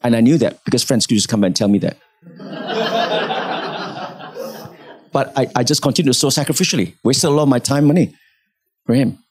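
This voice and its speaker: A man preaching a sermon in church, telling a story with animated delivery and acting out the people in it. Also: medium pitch, quick pace. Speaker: pastor.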